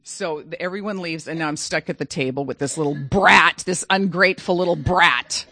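A woman's voice: deep voice, normal speed, bright, forceful tone, no room sound. A middle-aged woman telling a personal story in a dramatic, self-mocking way.

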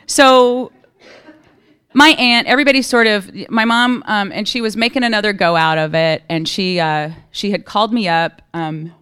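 Sharing at a recovery meeting, this woman speaks at a moderate pace in a medium-pitched, fairly bright voice that's clear and resonant. Her testimony is frank and chatty, punctuated by frequent "right?" as she checks in with the audience.

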